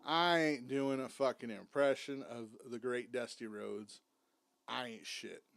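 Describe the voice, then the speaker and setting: A man's voice: mid-range voice, fairly even intonation, measured pace, creaky, fairly bright tone, dry recording. A man hosting a watchalong stream, mocking and swearing through casual commentary while clips play. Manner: mocking, swears a lot, talks over clips. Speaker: stream host.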